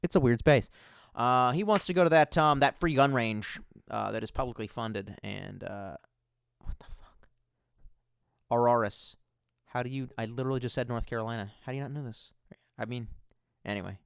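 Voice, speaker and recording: A man's voice: mid-range voice, normal speed, vocal fry, long pauses, clear, resonant tone, no echo, studio quality. A man chatting casually and profanely on a livestream, rambling from one thought to the next with self-mocking asides. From United States. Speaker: streamer.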